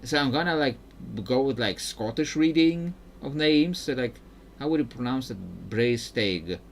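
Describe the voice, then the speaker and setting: A man's voice: medium pitch, expressive, unhurried, creaky, a little hiss or hum. Rambling male game streamer. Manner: rambling, self-interrupting, chuckling. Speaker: gameplay streamer. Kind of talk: casual gameplay commentary.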